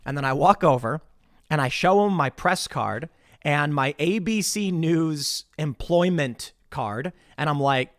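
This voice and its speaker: A man's voice: fairly high pitch, measured pace, dry recording, clean studio sound. A man hosting casual political commentary, retelling stories and acting out the people he quotes. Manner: animated, acts out quoted people in shifting voices. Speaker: commentary host.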